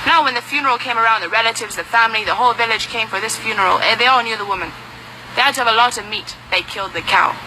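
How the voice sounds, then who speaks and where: A woman telling a folk tale as an interviewee, in a lively storytelling manner. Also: a little high, very fast, background noise. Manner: lively storytelling, slips into character voices.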